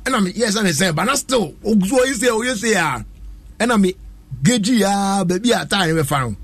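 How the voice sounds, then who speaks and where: A man tells an animated story in a casual chat, laughing as he goes. His voice sits high and a little husky. The recording is close and dry, with no room sound. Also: normal speed, dry recording. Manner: lively, laughs often while telling a story.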